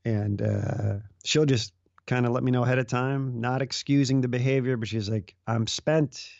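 A middle-aged man chats as a guest, his gravelly voice stumbling through restarts and fillers. The recording is dull and lo-fi, with a very dry sound and no room around him. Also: mid-range voice, fairly even intonation, a little mellow, dry recording. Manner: halting, full of restarts and fillers. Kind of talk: casual conversation.

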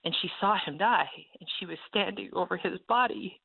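A woman's voice: mid-range voice, moderate pace, gravelly, husky. Tinny-sounding woman telling a faith story. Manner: animated, acts out the voices in her story. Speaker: ranch ministry leader and speaker.

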